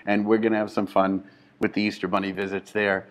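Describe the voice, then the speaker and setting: A man in a club lobby talks quietly into the phone he is filming with, keeping his voice down because a show is on nearby. His voice sits a little low, and he chats loosely and rambles as he goes. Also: little pitch movement, brisk. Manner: hushed, rambling, chatty. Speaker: comedian and show host. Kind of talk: casual chat.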